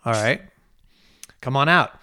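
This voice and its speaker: A man hosts a casual interview, asking questions and reacting in a relaxed, encouraging way. His pitch is mid-range, and the recording is dry with no room sound. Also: unhurried, smooth, dry recording.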